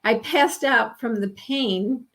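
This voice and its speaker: A woman in her sixties from New York, telling a personal story in an interview, earnest and halting with frequent restarts. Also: on the high side, a bit bright. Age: 60s. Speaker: guest telling her experience.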